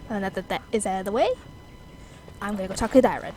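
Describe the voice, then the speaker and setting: A woman's voice: mid-range voice, fast, background noise. A woman hosting a video game let's play, chatting casually and a bit self-consciously. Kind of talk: casual gameplay commentary.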